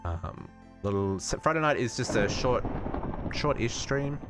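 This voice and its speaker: A man's voice: mid-range voice, animated, unhurried, over music. A man with an Australian accent streaming a modded game, thinking aloud and correcting himself as he chats with viewers. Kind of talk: casual live-stream gaming chat.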